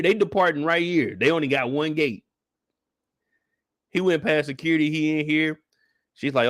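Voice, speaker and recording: A man casually recapping a show on a live stream, talking in an animated way and acting out the characters in exaggerated high voices, with a relaxed way of speaking. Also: moderate pace, pauses often, dry recording, studio quality.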